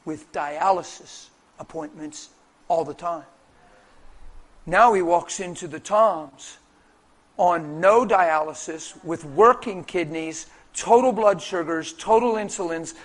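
A man preaching a sermon in an impassioned, storytelling way, swinging between hushed and booming delivery. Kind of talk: testimony-style sermon storytelling.

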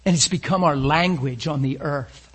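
A male preacher with a husky, slightly raised voice delivers an intense sermon. He moves from loud, emphatic declarations to soft, hushed lines and keeps pressing his congregation with rhetorical questions. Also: fairly high pitch, moderate pace.

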